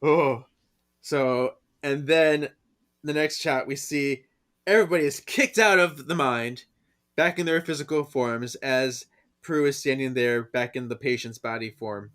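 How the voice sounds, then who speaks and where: Male podcast co-host, mid pitch, slow easygoing delivery, animated when quoting characters. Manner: acts out characters' lines in raised voices, laughs often. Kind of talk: casual chat retelling a comic.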